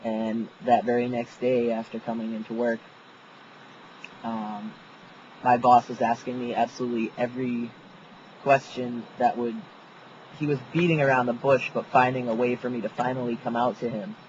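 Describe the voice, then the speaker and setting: Young new dude vlogging outside, swears a lot, laughs, dull lo-fi audio w/ faint background hiss. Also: male voice, mid-range voice, little pitch movement, normal speed, darkish tone. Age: young adult. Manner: casual, profane, laughing often. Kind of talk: casual storytelling vlog. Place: outdoors.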